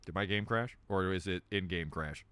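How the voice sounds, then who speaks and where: A young man giving joking, animated commentary while playing a horror game on a let's play. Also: low voice, normal speed, clear, resonant tone. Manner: animated, joking, laughs often.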